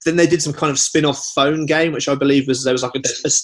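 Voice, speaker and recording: A young man co-hosting a podcast, chatting casually with quick jokes and asides. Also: a little high, steady tone. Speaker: podcast co-host. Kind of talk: casual chat.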